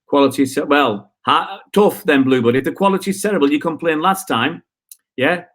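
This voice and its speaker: A man's voice: on the high side, moderate pace, a bit bright. A man hosting a live football stream, ranting in frustration and answering viewer comments with rhetorical questions. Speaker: football channel host.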